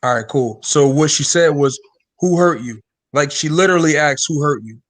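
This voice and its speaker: Guy calling into a live podcast remotely, voice a bit high, walks through the point slowly. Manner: careful, restates the point. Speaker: panelist. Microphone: remote call connection.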